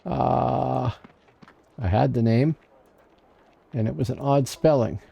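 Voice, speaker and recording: A man's voice: mid-range voice, takes it slowly, creaky, husky, lo-fi sound. A man casually commenting on his gameplay on a livestream, chatting to himself and to viewers in chat. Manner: chatty, talks to himself and chat while playing. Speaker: livestream gamer.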